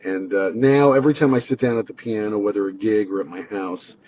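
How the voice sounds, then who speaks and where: A man's voice: fairly low pitch, steady tone, a little fast, darkish tone, slight background noise, low-quality recording. A man, a singer-songwriter and radio host, speaking a conversational, reflective tribute with fillers. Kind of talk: spoken tribute.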